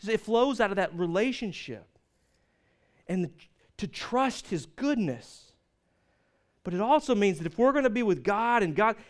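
A man preaching a sermon as pastor, telling stories and jokes and asking the listeners questions. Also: a little high.

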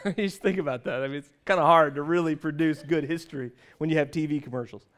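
A man preaching a sermon, stressing scripture lines slowly and leading the congregation to repeat after him. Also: a little high. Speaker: pastor.

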